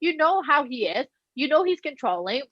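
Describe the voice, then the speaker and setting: A woman co-hosts a casual chat podcast, retelling gossip and acting out every quote with animated, profane energy. Her voice sits high. The recording is dry but dull and lo-fi. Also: normal speed, no echo. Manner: animated, swears freely, acts out quotes. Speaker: podcast co-host.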